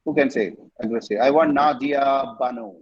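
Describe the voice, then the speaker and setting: Tamil-accented man teaching vocabulary, fast. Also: mid-range voice, breathy edge, lo-fi sound. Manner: mixes Tamil with English, quizzes students, spells words out. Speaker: English teacher. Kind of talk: online vocabulary lesson. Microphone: video call.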